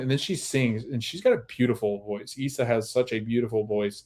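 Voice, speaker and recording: A man's voice: medium pitch, fairly quick, a little mellow. A man hosting a podcast, recapping a TV episode in a casual, rambling way with many restarts. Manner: rambling, full of restarts and "like", laughs at times. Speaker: podcast host.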